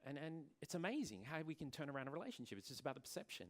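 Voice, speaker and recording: The salon owner presenting at the conference speaks in a sing-song, rapid-fire way with a voice on the high side. Earnest in his talk, he frequently repeats words when starting over.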